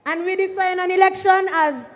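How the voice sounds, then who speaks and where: A young woman with a Kittitian accent giving a political rally speech outdoors, shouting call-and-response lines to the crowd. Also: very high voice, fairly even intonation, normal speed. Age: young adult. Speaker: rally speaker. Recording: PA echo over outdoor crowd.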